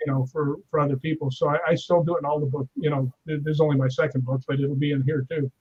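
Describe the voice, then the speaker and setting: A man's voice: a little high, fast talker, breathy edge, highs cut off. A man telling stories in casual chat on a live stream, acting out the voices he quotes. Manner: animated storyteller, acts out quoted voices. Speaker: guest.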